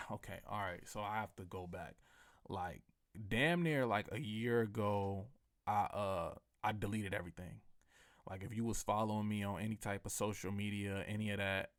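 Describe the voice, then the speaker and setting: A man hosting his own podcast in a casual solo rant, profane and rambling, swinging from loud outbursts to mumbled asides. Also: lowish voice. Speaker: podcast host.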